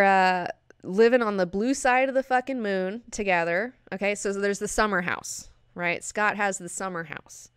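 A woman hosting a casual comic book review, talking in an excitable, gushing way and swearing freely. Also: mid-range voice, clear, resonant tone, dry recording, clean studio sound.

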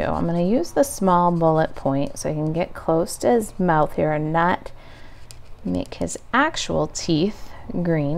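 A woman's voice: lowish voice, gravelly, darkish tone, a little hiss or hum. A woman demonstrating a craft project step by step, chatting and thinking aloud as she works at a home craft table.

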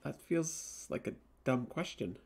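A man's voice: medium pitch, expressive, unhurried, creaky, darkish tone, slightly rough. A man hosting a live game stream, chatting with viewers and reacting aloud to the game, laughing easily. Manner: chats with viewers about snacks and drinks. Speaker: let's play host. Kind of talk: live-streamed gameplay commentary.

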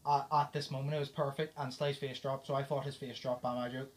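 A man's voice: mid-range voice, fairly quick. A young man hosting a podcast, telling a story in casual chat and acting out the dialogue, swearing and laughing as he goes. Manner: animated retelling, acts out the dialogue. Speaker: podcast host.

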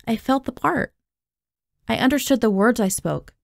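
A woman's voice: a little high, animated, moderate pace, vocal fry, no room sound, clean studio sound. A woman reading a novel aloud, narrating expressively in the first person. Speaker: audiobook reader.

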